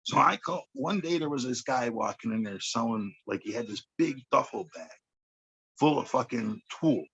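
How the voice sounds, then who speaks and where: A man's voice: medium pitch, animated, moderate pace, fairly bright tone, dull audio, slight background noise. A man, telling a street story on a podcast in a blunt, profane way, often checking in with "okay.". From Chicago. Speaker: podcast guest. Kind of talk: casual storytelling chat.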